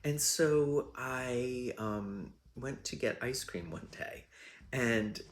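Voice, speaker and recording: A man's voice: mid-range voice, animated, slow pace. A man hosting his own show, telling rambling, self-deprecating stories in a chatty way with lots of fillers. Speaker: host. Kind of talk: casual storytelling monologue.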